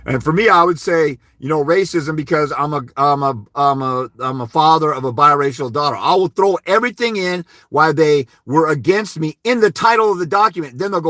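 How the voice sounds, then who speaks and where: Mocking hesitant people with a mumbled "wah wah," a male host of a live legal-advice stream bluntly and emphatically tells listeners to face the court. His voice sits on the high side, fairly quick with few pauses and a fairly bright tone. It's a dry, studio-quality recording.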